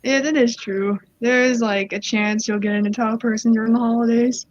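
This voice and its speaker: A woman's voice: a little high, steady tone, brisk, no room sound. A young woman casually reading online stories aloud, giggling and rambling off into side comments. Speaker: story reader. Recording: dull lo-fi dry mic.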